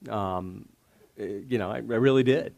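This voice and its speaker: A man's voice: lowish voice, moderate pace, creaky, darkish tone. A man being interviewed on stage, telling loose, laughing anecdotes full of fillers. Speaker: guest investor. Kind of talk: casual storytelling interview.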